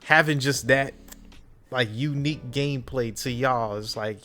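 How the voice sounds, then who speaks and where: A man's voice: mid-range voice, measured pace, soft background music. Chill guy cohosting a podcast, easygoing, lots of "you know", mid voice. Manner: relaxed, filler-heavy, says "you know what I'm saying". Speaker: podcast co-host. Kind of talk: casual chat.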